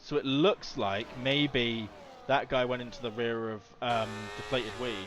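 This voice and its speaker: A man calling a sim race live with lively energy, jumping into excited outbursts when something happens on track. His voice sits at a middle pitch, with a faint noise bed behind it. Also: unhurried. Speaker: race commentator. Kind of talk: live sim racing commentary.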